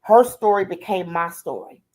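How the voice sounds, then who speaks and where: The guest, an older grandmother, speaks at normal speed in a mid-range, darkish voice, with a little hiss or hum in the recording. She tells her life story on a streamed interview, heartfelt and colloquial, often repeating "I said" and "she said."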